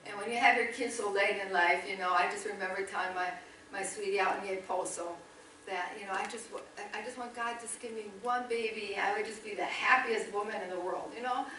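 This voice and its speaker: A woman's voice: medium pitch, steady tone, brisk, bright, forceful tone, a little hiss or hum. A woman in her forties speaking at a church as a missionary, chatty and folksy, laughing often at her own asides. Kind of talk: church talk. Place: church sanctuary. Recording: echoey church from far off.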